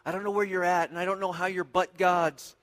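A man preaching a sermon with a fairly high voice. He builds to loud, intense stretches, then drops into quiet, reflective passages. A long reverb trails after his words, as in a large hall. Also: little pitch movement, a little fast. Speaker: pastor.

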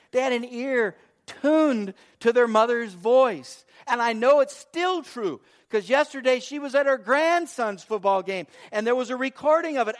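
High-voiced animated male pastor preaching. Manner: animated storyteller, repeats phrases, acts out quotes. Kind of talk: sermon.

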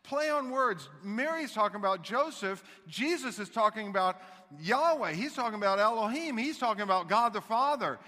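A man preaching a sermon as pastor, animated and dramatic, dropping to a hush and then rising loud again. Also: sits high, normal speed, in a large hall. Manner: animated, dramatic shifts between hushed and loud.

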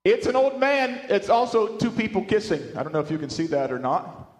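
A male pastor preaching a sermon, animated, often restarting words and asking his congregation questions. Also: high-pitched, fairly quick, reverberant. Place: church sanctuary with speakers.

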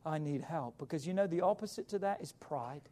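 A man preaching a sermon as pastor, with emphatic rises and quiet drops. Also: fairly high pitch, fairly quick.

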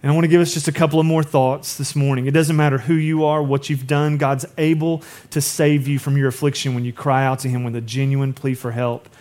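A male pastor preaching a sermon, chatty with asides, swinging between raised, urgent lines and soft, hushed emphasis. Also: medium pitch, level tone, a little fast, few pauses. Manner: conversational asides.

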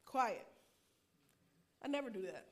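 A woman chaplain preaching a personal testimony to a congregation, talking fast and animated and laughing often. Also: fairly high pitch.

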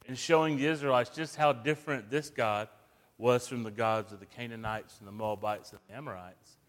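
A man preaching a sermon, swinging from hushed, slow passages to loud, emphatic bursts. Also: medium pitch. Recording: long reverb of a large hall.

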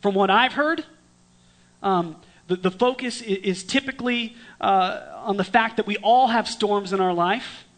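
A man preaching a storytelling sermon in a conversational way, with dramatic swings from lively to hushed. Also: high voice, a little slow. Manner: conversational with restarts.

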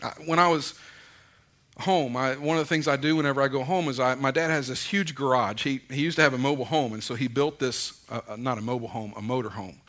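A middle-aged man preaching a conversational sermon, mixing folksy stories and gentle humor into his points. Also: mid-range voice, fairly even intonation, fast talker. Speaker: pastor.

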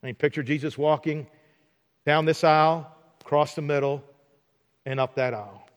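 A man preaching a sermon in a church, animated and acting out mock dialogues for laughs. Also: fairly high pitch, normal speed. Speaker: pastor. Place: church sanctuary. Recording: long hall reverb.

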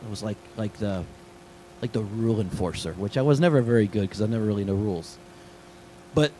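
Animated storytelling male pastor. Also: medium pitch, slight background noise, low-quality recording. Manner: lively storytelling, jumps between hushed asides and excited peaks. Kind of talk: sermon.

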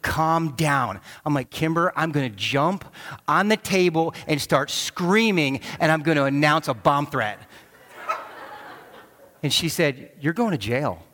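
A man preaching in a large church, his slightly high voice trailing off into a long hall reverb. He tells his story with energy and acts out the voices he quotes. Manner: animated storytelling, acting out quotes. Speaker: pastor. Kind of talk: sermon with personal story.

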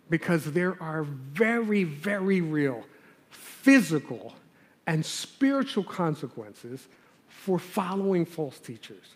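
A man's voice: on the high side, sing-song, takes it slowly. A male pastor preaching a sermon in a conversational, earnest way, pressing hard on key words. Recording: long hall reverb.

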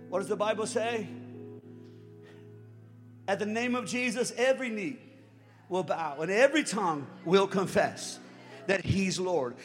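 A man preaching a sermon, telling a story with chuckles and swinging from hushed, slow passages to shouted lines. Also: high-pitched. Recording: long hall reverb, faint music.

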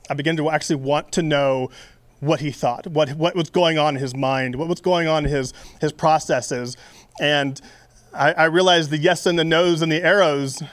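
Higher-voiced man preaching casually. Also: dry recording. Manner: conversational, lots of fillers and restarts. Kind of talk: casual sermon.

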